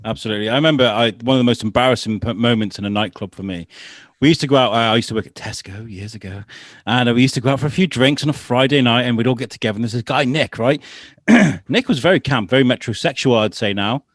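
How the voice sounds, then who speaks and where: Lively man telling stories. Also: mid-range voice, fast talker, no echo, clean studio sound. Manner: animated storyteller, acts out quotes. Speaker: podcast co-host. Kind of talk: casual chat.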